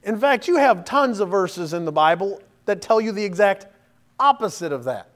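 A man's voice: high-pitched, moderate pace. A man preaching a sermon, firing off rhetorical questions and reading scripture verses aloud. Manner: animated, rhetorical questions, reads King James verses aloud.

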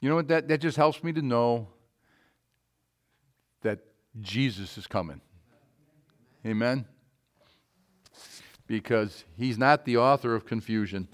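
A man preaching a sermon, with emphatic calls that swing to quiet, low asides. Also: a little slow, pauses often.

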